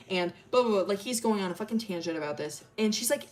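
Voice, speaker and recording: A woman's voice: medium pitch, expressive, fast talker, few pauses, darkish tone. A woman streamer casually retelling a story, rambling and swearing, with lots of fillers and slang.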